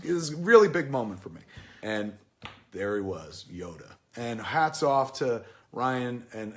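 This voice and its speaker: Profane, emotional man in his forties. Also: medium pitch. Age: 40s. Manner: profane, emotional, rambling storytelling. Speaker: film reviewer. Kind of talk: casual film review.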